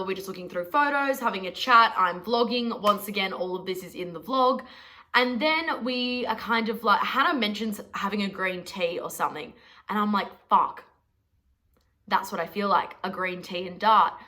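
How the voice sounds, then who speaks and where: A woman's voice: mid-range voice, bright, forceful tone. A young Australian woman telling a story to camera in a chatty, sweary, self-mocking vlog. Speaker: vlogger.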